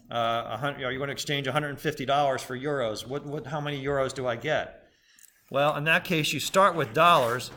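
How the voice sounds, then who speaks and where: A man's voice: on the high side, a bit bright. A man lecturing a business school class in a conversational, explanatory way, often stopping to correct himself.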